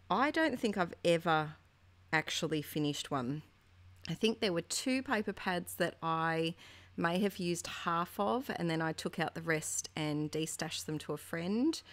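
A woman in her thirties chatting casually and warmly about her scrapbooking as a voice-over, meandering from one thought to the next. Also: low-pitched. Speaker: craft vlogger.

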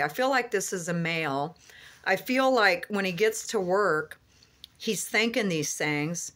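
A woman's voice: fairly low pitch, expressive, a little slow, a bit bright. A woman preaching and praying for her viewers in a fervent, repetitive way, her voice moved and tearful. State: tearful, emotional. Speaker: online prophetic minister. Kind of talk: emotional prayer and prophetic encouragement.

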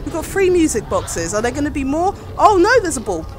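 High, lively, frightened woman streamer. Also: a little fast, soft background music. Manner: panicky, pleading, swearing. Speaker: gaming streamer. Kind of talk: reactive gameplay commentary.

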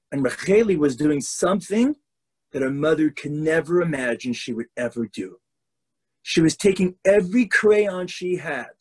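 Rabbi lecturer, animated storyteller, slightly high and husky voice, video call. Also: male voice.

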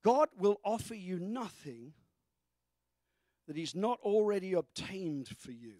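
High voiced guy preaching a sermon, gets loud and fired up, dry close sound. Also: sing-song, measured pace, dry recording. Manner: fervent preaching that breaks into shouts. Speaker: pastor.

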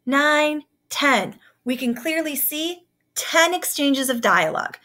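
Woman teacher, fairly high voice, upbeat, instructive, recorded lesson. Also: fairly bright tone. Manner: upbeat, instructive, addressing students.

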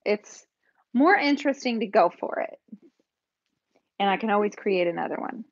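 Chatty and somewhat nervous, a woman talks with commenters while she paints live for her viewers. She speaks at a moderate pace in a medium pitch with lively intonation, and the home-stream audio is dull and dry, with no room sound.

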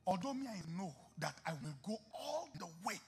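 A male pastor preaching a sermon, moving from hushed storytelling to shouted exhortation, acting out talks with God in whispers. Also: sits high, big pitch swings, moderate pace, creaky, husky, soft background music. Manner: acts out dialogue with God in whispers. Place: church.

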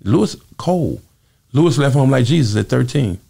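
A man who is a former singer, telling lively stories in an interview and acting out the voices of other people in them. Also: creaky. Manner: quick, lively storytelling, acting out quoted voices with big jumps in pitch. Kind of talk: animated storytelling interview.

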